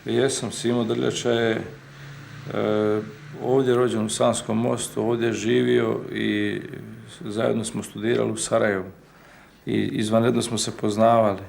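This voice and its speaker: A man, a judge, answering interview questions slowly and deliberately. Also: lowish voice, flat delivery, gravelly, darkish tone, slight background noise.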